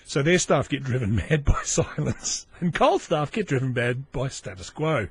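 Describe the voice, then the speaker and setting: An Australian man hosting a casual solo podcast, sardonic and sweary, with lively asides. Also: mid-range voice, normal speed, breathy edge, no room sound. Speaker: podcast host.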